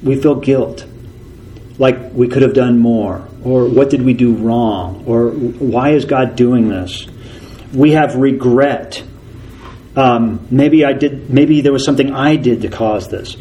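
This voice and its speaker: A man's voice: medium pitch, a little slow, a little mellow, slight background noise, rough recording. Earnest male pastor preaching. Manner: earnest, repeats key phrases for emphasis. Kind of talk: sermon.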